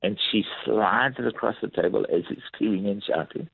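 This lifestyle coach speaks at a normal speed in a lowish, creaky voice with a breathy edge, and there's no room sound. In a podcast interview heard over a tinny phone-like line, he animatedly recounts workplace stories and acts out people's quotes.

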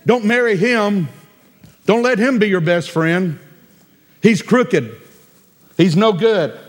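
A man preaching a sermon as a pastor, emphatic and repetitive, with sudden loud cries. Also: high voice, takes it slowly, long reverb tail.

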